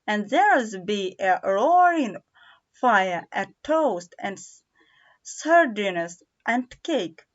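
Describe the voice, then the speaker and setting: A woman's voice: medium pitch, sing-song, slow, highs cut off. A woman voicing a polite, nervous male faun who speaks formally and hesitantly. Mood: inviting.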